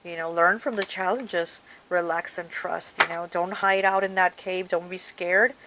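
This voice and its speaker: A woman's voice: lowish voice, fairly even intonation, measured pace, very noisy. A woman doing a casual tarot card reading, talking straight to the viewer in a chatty way and often saying "okay" and "you know.". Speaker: tarot reader.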